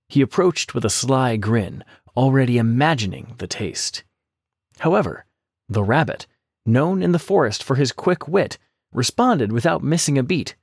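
A man narrating a children's storybook in a lively, expressive scripted reading. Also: medium pitch, normal speed, slightly rough, no echo, studio quality.

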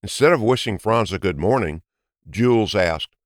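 Lively male storybook narrator. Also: fairly low pitch, normal speed, dry recording, studio quality. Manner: expressive, lilting.

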